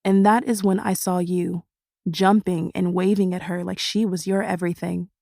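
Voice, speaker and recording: A woman voicing a cold, condescending young man in an audiobook, speaking in a quiet, clipped, low-key way. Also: flat delivery, normal speed, creaky, no echo, studio quality. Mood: grim, earnest. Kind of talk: audiobook character voice.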